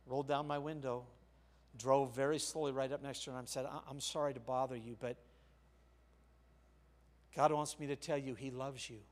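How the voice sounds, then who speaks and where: An older male pastor preaching a sermon, telling a personal story with sharp shifts between quiet and loud. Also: medium pitch, fairly even intonation, normal speed, long pauses. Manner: storytelling, with big swings of loudness.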